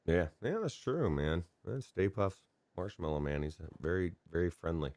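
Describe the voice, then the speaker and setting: Deep-voiced excitable podcast co-host man. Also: normal speed, no room sound. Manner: loose, excitable, rambling with restarts. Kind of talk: casual chat about gaming news.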